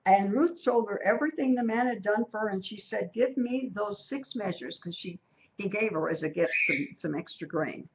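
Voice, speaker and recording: A woman teaching a Bible study lesson, explaining slowly and repeating key phrases. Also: mid-range voice. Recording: muffled recording with steady background noise.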